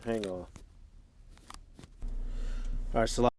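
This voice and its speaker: A man's voice: fairly low pitch, steady tone, very slow, a little mellow, slight background noise. Laid-back chuckling male commentator. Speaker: host. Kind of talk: casual reaction commentary.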